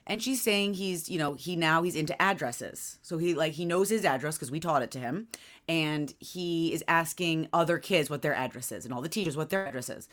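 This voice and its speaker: A woman's voice: low-pitched, brisk, fairly bright tone. A woman co-hosting a casual chat, telling a rambling story with lots of fillers. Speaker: podcast co-host.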